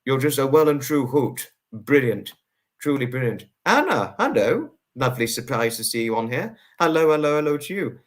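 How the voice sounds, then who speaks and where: A man's voice: mid-range voice, sing-song, normal speed. A man hosting a live stream, greeting viewers one by one and thanking them at length, repeating himself and drawing out names. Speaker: livestream host.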